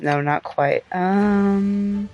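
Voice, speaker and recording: A woman's voice: mid-range voice, drawn-out words, darkish tone, highs cut off, faint music behind. A woman livestreaming a puzzle game, thinking aloud in a chatty way and swearing freely. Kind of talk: casual gameplay commentary.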